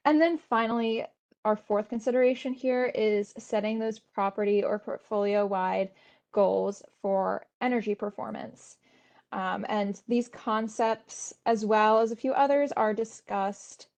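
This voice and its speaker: Woman presenting a software walkthrough. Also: medium pitch. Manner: steady explanatory tone with frequent fillers. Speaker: webinar presenter. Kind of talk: instructional webinar walkthrough.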